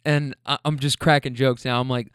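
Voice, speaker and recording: A rideshare driver with a medium-pitched voice tells funny stories about his passengers at a moderate pace, laughing and cursing as he goes. His tone is clean, and the studio recording has no echo. It's casual, animated storytelling.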